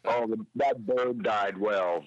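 A man's voice: fairly low pitch, takes it slowly, dry recording, lo-fi sound. A man from Alabama calling in to a radio show, chatting in an easygoing, joking way. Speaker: caller. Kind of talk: casual call-in chat.

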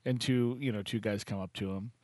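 A man hosting a poetry call-in show, chatting loosely with restarts and reading a listener's poem slowly and softly. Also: fairly low pitch, steady tone, no room sound. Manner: slow, soft reading of a poem.

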